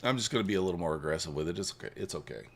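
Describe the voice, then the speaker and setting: A man hosting a trading livestream, casually reading and answering viewer chat while he trades, swinging between hyped shout-outs and quiet muttering. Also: low voice, rapid-fire. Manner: hypes viewers, reads chat aloud, shifts from excited shouts to mumbling. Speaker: livestream host, futures trader.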